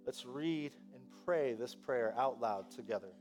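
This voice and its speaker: A man preaching a sermon as pastor, telling a story with lively, animated delivery and acting out voices. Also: mid-range voice, unhurried, faint music behind.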